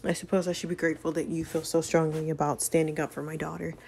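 A woman's voice: sits low, little pitch movement, fast, gravelly, a little mellow, a little hiss or hum. A woman voicing a stern, defensive middle-aged mother in a story game, speaking in a cool, probing way.

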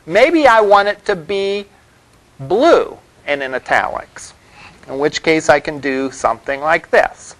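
Chatty college lecturer, fairly high voice. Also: male voice, fairly bright tone, rough recording. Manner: loose and conversational, many fillers and "all right?" check-ins. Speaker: college web development instructor. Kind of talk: classroom lecture. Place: classroom.

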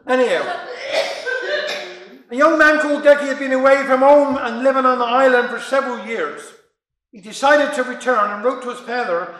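A man's voice: very high voice, fairly bright tone, reverberant, low-quality recording. A man with a Cornish accent reciting humorous dialect poems and stories, chuckling between tales. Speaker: dialect storyteller.

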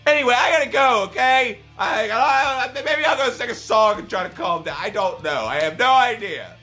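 A man ranting in a video, swearing heavily and swinging between angry shouting and low, exasperated muttering. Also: expressive, moderate pace, faint music behind. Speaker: YouTuber. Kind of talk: profane rant video.

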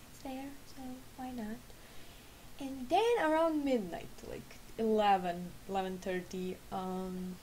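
On a low-quality recording with a little hiss or hum, her voice sits on the high side and sounds mellow. She is a gaming vlogger in her late twenties, just awake and sleepy, chatting casually at home while rambling and correcting herself.

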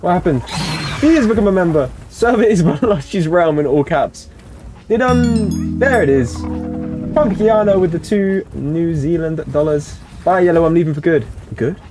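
A man streaming a game live, playfully teasing and reading out chat messages. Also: fairly high pitch.

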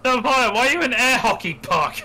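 A man's voice: extremely high pitch, expressive, brisk, crowd noise. An Englishman playing online golf with friends, teasing them with sweary banter. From England. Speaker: player. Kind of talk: casual gaming chat with friends.

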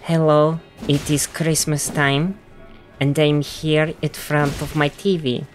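A gentle, low, lilting voice with a put-on Icelandic accent, rolling its R's as it proudly shows off a TV, as a woman puts it on. She talks slowly and quietly. Faint game music hums behind. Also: level tone. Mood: whimsical. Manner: soft, lilting, rolled R's. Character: cheerful woman presenting her TV in an Icelandic-style accent.

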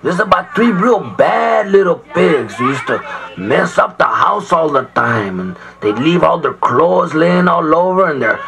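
A man's voice: a little high, gravelly, low-quality recording. A man telling a comic children's story on a comedy record, in a loose, playful way that keeps jumping into voices. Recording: vinyl record with faint noise.

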